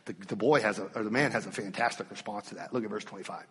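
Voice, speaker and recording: A male pastor preaching an animated, emphatic sermon to his congregation in a church. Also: fairly low pitch, very fast, big-room sound, a little hiss or hum.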